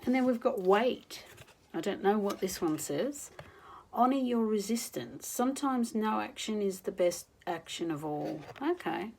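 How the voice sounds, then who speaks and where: A woman doing an oracle card reading in a gentle, reflective, encouraging manner. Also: mid-range voice, expressive, unhurried, gravelly, slight background noise, rough recording. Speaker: spiritual card reader.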